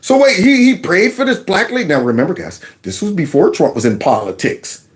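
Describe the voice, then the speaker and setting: Commentary host, man with a slightly high voice, sarcastic and mocking. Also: very animated, a little fast. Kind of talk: casual political commentary.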